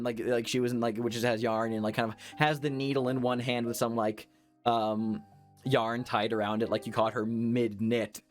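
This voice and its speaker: A man narrating as game master, rambling with many fillers. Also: mid-range voice. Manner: rambling, lots of ums and likes. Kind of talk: narrating a tabletop horror game.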